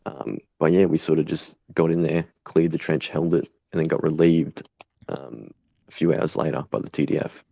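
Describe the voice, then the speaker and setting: A young Australian man speaking bluntly in an interview, swearing freely and pausing often with fillers. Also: extremely low pitch, creaky, dark tone, no room sound. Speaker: guest, volunteer fighter. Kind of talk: casual conversational interview.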